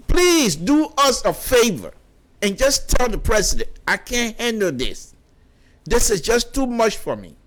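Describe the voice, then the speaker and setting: A man's voice: on the high side, fairly bright tone. A middle-aged man with a Liberian English accent giving impassioned political commentary on radio, repeating himself and stumbling over restarts. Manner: impassioned, repetitive, stammering restarts.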